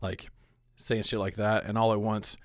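A man's voice: on the low side, little pitch movement, moderate pace, dry recording, clean studio sound. A young man telling a story in casual chat, rambling with lots of fillers and frequent swearing. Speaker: podcast co-host telling a story.

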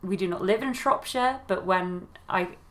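A woman's voice: medium pitch, normal speed. A woman co-hosting a podcast in casual chat, talkative and giggly with a self-deprecating streak. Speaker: podcast co-host.

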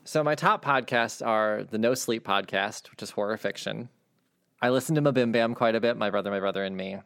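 A man's voice: lowish voice, fairly quick, vocal fry, a bit bright, clean tone. Laid-back man in casual group chat. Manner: laughs easily, self-deprecating.

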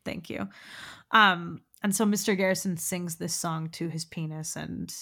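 A woman co-hosting a podcast, chatting casually about a film, animated and laughing, swearing freely. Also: lowish voice, unhurried, creaky. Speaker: podcast co-host. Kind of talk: casual film discussion chat.

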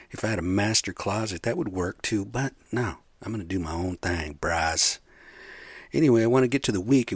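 A man's voice: fairly low pitch, no echo. A man hosting a solo podcast, ranting in a profane, rambling, heated way from his bedroom. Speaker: podcast host.

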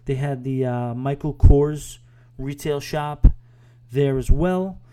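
Male podcast host, mid-range voice with a relaxed warm tone, digressive and self-deprecating. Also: medium pitch, slow, clear, resonant tone. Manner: rambling, self-mocking, with crude asides and laughs. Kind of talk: casual spoken review. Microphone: microphone.

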